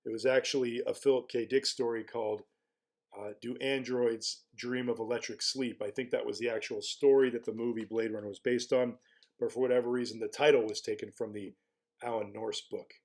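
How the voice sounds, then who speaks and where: A man's voice: mid-range voice, fairly even intonation, a little fast, a little mellow. A man talking through his ideas in casual spoken commentary as a blogger. He muses aloud, asks rhetorical questions and often restarts his phrases.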